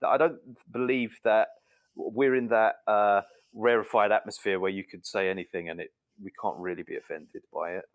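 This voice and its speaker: A man's voice: on the low side, moderate pace. A British man, a guest on a podcast, chatting casually and joking. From Britain. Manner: animated, joking, does mock accents.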